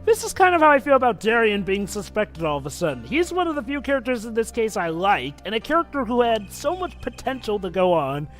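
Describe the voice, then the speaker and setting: A man giving opinionated, casual commentary on a game with friends, swinging between loud bursts and muttered asides. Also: sits high, wildly swooping pitch, a little fast, hardly any pauses, soft background music. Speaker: let's play commentator.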